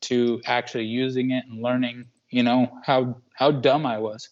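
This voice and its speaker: A man in his twenties from Washington State, a guest talking earnestly and haltingly with many pauses. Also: mid-range voice, level tone, dull audio. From Washington State, USA. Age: 20s. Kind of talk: casual interview chat.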